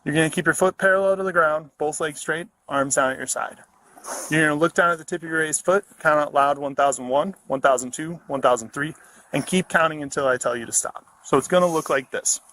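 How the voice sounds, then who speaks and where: A male police officer calmly giving field sobriety test instructions at a roadside stop. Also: on the high side, poor audio. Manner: calm, measured, procedural. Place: outdoors at a roadside traffic stop. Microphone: body camera. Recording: faint noise, body camera audio.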